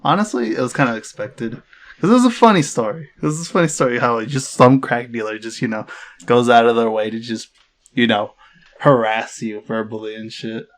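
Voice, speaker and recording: Young male co-host, casual storyteller, stumbles and restarts, average pitch. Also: a little fast. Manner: rambling, restarts, laughs while telling. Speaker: podcast co-host.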